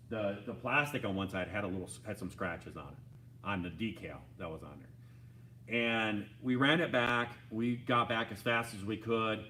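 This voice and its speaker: A man casually retelling a side-by-side rollover story in a rambling, animated way, full of restarts. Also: on the low side, a little hiss or hum. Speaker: homestead vlogger.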